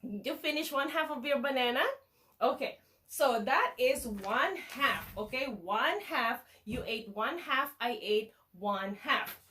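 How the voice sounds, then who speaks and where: Playful teacher lady talking to kids, slow and a bit high, sing-songy, munching food as she goes. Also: animated, sharp tone. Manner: playful, sing-song, talks to the viewer as a child. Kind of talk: children's lesson demonstration.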